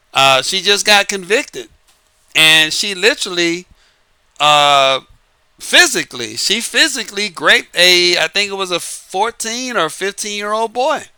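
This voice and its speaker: Dating advice comes in a casual, emphatic monologue from a New Orleans, Louisiana man with a light Southern accent, who repeats himself and chuckles between points. His voice is high-pitched and sharp, clear and resonant, in a dry recording.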